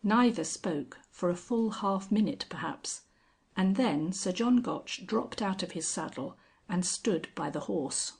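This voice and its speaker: Brief: woman storyteller, slow and breathy, calm measured delivery. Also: medium pitch. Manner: measured, unhurried reading. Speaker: narrator. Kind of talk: scripted storybook narration.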